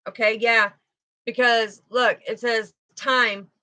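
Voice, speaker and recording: A woman's voice: fairly high pitch, a little slow, a bit bright. A woman giving a casual spiritual tarot card reading, chatty and talking straight to her viewers. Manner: chatty, with frequent "you know" and "okay". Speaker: intuitive tarot reader.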